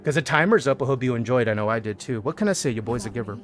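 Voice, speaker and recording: A man's voice: mid-range voice, animated, rapid-fire. A male streamer joking, swearing and talking to his game allies as he gives live gameplay commentary.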